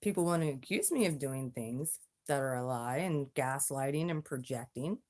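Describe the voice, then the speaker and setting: A woman's voice: extremely low pitch, normal speed, a little mellow. A woman hosting a casual livestream chat, drawling and taunting as she dares her viewers to speak up. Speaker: YouTube livestream host.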